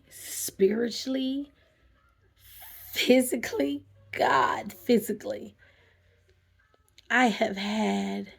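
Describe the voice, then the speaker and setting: A woman who works as a therapist talks to camera in a casual, animated way, telling a personal story. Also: mid-range voice, gravelly, husky. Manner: animated, conversational, acts out her own reactions. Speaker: vlogger.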